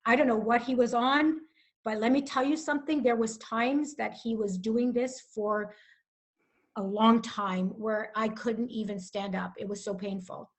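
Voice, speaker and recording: A woman's voice: fairly high pitch, fairly even intonation, unhurried. A middle-aged woman giving personal testimony as a podcast guest, emotional and rambling, with restarts and many fillers. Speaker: guest author.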